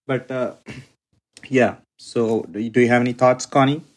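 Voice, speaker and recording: A man's voice: medium pitch, fairly even intonation, measured pace. A man co-hosting a podcast in casual chat, hesitant and full of filler sounds. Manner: hesitant, many filler uhs. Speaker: podcast co-host.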